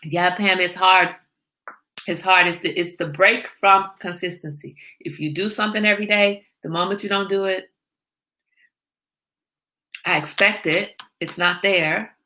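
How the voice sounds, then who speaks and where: A woman hosts a casual livestream chat, her voice bright and forceful while sitting a little low in pitch. She tells candid, confiding stories with animated energy and laughs often as she goes. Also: a little slow, pauses often. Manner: animated storytelling with frequent laughter. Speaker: livestream host.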